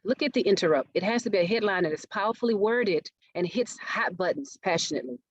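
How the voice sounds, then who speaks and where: A woman's voice: medium pitch, expressive, fast, dry recording. A woman, presenting a marketing workshop and often checking in with her audience. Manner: engaging, asks audience questions often. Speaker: marketing speaker. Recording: dull, dry webinar audio.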